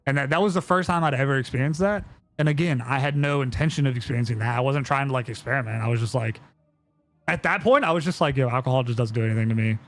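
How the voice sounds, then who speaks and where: A man's voice: medium pitch, fast, a bit bright, a little hiss or hum. Young man, live streamer, casual chat, rambling, filler-heavy, profane.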